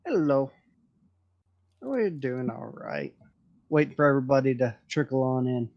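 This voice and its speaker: Man, stream host, casual voice chat, rambling, joking, lots of fillers, middle pitch, dull lo-fi sound. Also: sing-song, measured pace. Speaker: stream host leading a drawing session.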